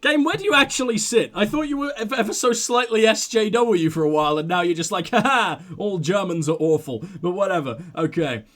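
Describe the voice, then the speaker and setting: A man's voice: high voice, fairly quick, hardly any pauses, a bit bright. A young man hosting a let's play, joking and reacting as he reads the game's text aloud. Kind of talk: gameplay commentary.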